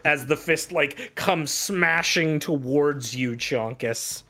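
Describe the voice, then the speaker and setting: A man's voice: on the high side, slow, sharp tone, faint music behind. A man narrating as game master, rambling with many fillers.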